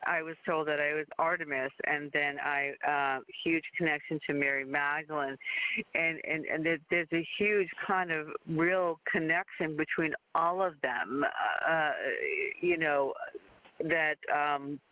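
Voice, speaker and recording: A woman's voice: low-pitched, unhurried, dry recording. Female caller, eager and stammering, dull dry phone sound. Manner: excitable, stammering restarts. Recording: muffled dry phone call.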